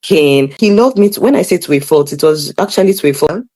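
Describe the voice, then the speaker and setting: A young woman, a podcast guest telling animated, laughing stories from her childhood. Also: low-pitched, a little fast. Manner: lively, laughing, animated storyteller. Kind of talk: casual storytelling chat.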